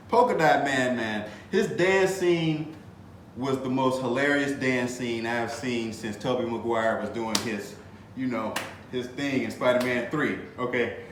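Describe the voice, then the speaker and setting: A man hosting a podcast, chatting casually about a movie in an animated, slangy way, laughing and swearing freely. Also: medium pitch, slight background noise. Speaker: podcast host. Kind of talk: casual movie review chat. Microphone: desk mic, bumped at times. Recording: echoey room.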